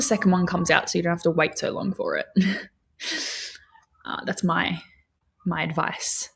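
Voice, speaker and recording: A woman's voice: lowish voice, steady tone, measured pace, vocal fry, long pauses, a bit bright, slightly rough. A young woman hosting a livestream from home, chatting casually with viewers in a rambling way with lots of fillers. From Australia. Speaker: livestream host.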